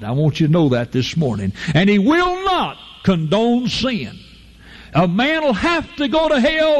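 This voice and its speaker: Fervent preacher man, lively swoops. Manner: fervent, with sudden jumps to a high emphatic pitch and drawn-out slow phrases; folksy, informal grammar, addresses listeners as folk. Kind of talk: sermon.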